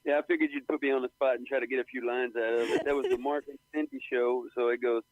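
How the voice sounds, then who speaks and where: A man's voice: mid-range voice, fairly even intonation, quick pace, no echo. A man with a Texan accent calling in as a guest, easygoing and polite. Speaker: phone-in guest singer. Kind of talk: casual chat. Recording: tinny phone line.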